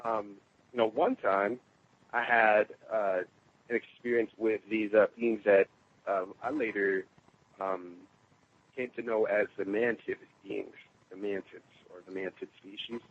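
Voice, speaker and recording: A man telling a personal story in casual conversation, animated and laughing often. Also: unhurried, slight background noise. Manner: animated, quotes others in raised pitch, laughs often. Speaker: guest. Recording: tinny phone line.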